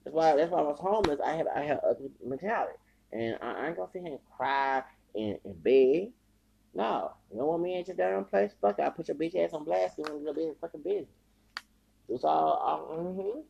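A man's voice: fairly high pitch, expressive, fairly quick, creaky, warm tone, highs cut off, slight background noise. A man hosting a podcast, delivering a heated, profane rant full of repeated phrases. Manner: heated, profane ranting with repetition. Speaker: podcast host.

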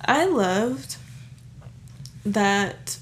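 A woman co-hosting a podcast in casual chat, animated and swearing casually as she replays her own reactions. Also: mid-range voice, drawn-out words. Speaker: podcast co-host.

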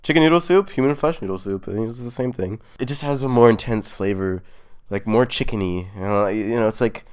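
A man playing a boastful adult male serial killer in an improvised comedy interview, bragging in a nonchalant deadpan way. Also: lowish voice, a little fast, clean tone, close to an everyday voice.

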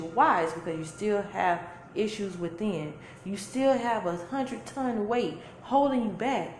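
A woman's voice: medium pitch, slight background noise. Emphatic woman preaching in an echoey room. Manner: preachy, emphatic, repetitive phrasing. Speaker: spiritual teacher. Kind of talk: spiritual talk. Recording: echoey room with faint music.

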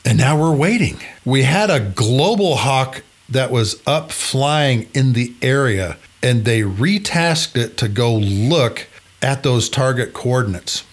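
Guy telling a story on his podcast, chatty and animated, mid-pitched voice. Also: slow. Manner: animated, conversational. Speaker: podcast host.

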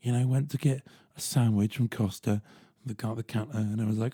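A young man telling a personal story in a casual, animated way, swearing freely. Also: mid-range voice, brisk, breathy edge, no room sound, studio quality. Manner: animated, swearing, chuckling asides.

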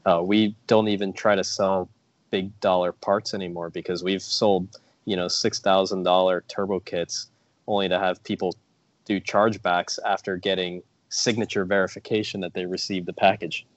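A man talking as a guest on a casual podcast in a measured, matter-of-fact way. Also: deep voice, little pitch movement, no room sound, dull audio. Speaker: podcast guest, performance shop owner.

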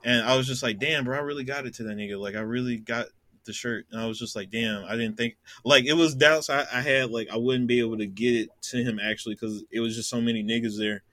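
A man's voice: mid-range voice, fairly even intonation, fast, pushed and bright, no echo. A young man telling a long, laughing anecdote in a casual podcast chat and acting out the voices of the people in it. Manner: laughs a lot, acts out voices in his anecdote.

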